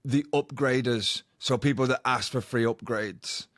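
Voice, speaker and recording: A man's voice: mid-range voice, a little slow, fairly bright tone, dry recording, studio quality. A man co-hosting a podcast, telling a rambling anecdote in casual chat. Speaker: podcast co-host.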